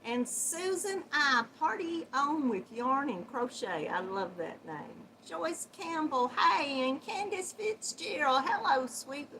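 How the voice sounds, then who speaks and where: Her voice is high with lively intonation, slow but with hardly any pauses, over slight background noise. This middle-aged woman, nose running, chats on a casual livestream, calling viewers sweet Southern endearments and laughing a lot.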